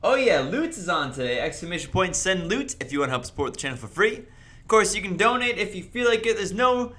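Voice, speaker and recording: Upbeat high-voiced streamer in an echoey room. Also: male voice, big pitch swings, bright, forceful tone. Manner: upbeat, greets chat viewers rapidly by name. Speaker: livestream host. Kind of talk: casual livestream chat. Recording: roomy echo, faint music behind.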